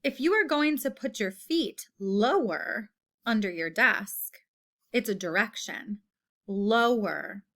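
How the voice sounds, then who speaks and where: A woman teaches young children in a slightly high voice. She speaks slowly and patiently, drawing out each word so its vowel sound stands out. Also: lively intonation, fairly bright tone. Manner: slow, patient, drawn-out word modeling. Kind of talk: recorded phonics lesson for children.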